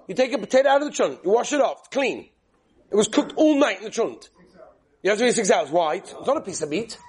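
An animated man with a high voice leads a class, speaking with a lilt. He keeps it lively, tossing in anecdotes and questions to his students. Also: slightly rough. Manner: animated, storytelling, drops into whispered quotes. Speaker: rabbi teaching a class. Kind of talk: lively lecture on Jewish law with stories.

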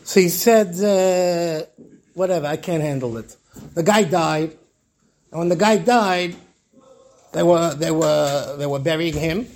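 A man's voice: a little high, unhurried, long pauses, a little mellow. A man, a rabbi, telling stories in a Torah class and acting out the characters' dialogue, with Hebrew terms woven in.

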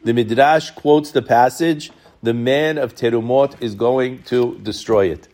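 A man's voice: medium pitch, a little slow, a little mellow. Conversational man teaching midrash. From Brooklyn, New York. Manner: retells midrash in Hebrew then English, conversational. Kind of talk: Torah talk to a congregation.

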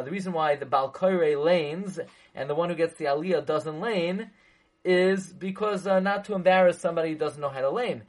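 The audio is poor as a man with a slightly high voice teaches a religious text in lecture form. This Torah teacher stresses his point, restates it, asks rhetorical questions, and mixes Hebrew and Yiddish into his English.

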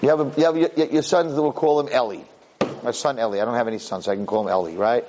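A man teaching a Torah class, animated, jumping high when he acts out a yelling parent. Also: fast talker, noisy background. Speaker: Torah lecturer. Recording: long hall reverb.

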